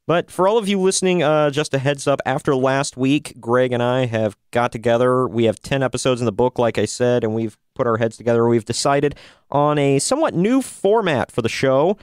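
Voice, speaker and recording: A man's voice: mid-range voice, a little fast, a little mellow, clean tone, dry recording, clean studio sound. A man hosting a podcast in a casual, upbeat way, now and then stretching out a playful "bro". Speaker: podcast host.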